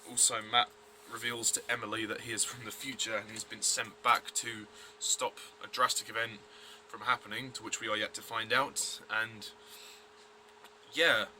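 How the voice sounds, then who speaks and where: A man's voice: fairly low pitch, level tone, normal speed, sharp tone, a little hiss or hum. A man giving a blunt, rambling review of a TV episode, full of fillers and restarts. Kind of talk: casual review vlog.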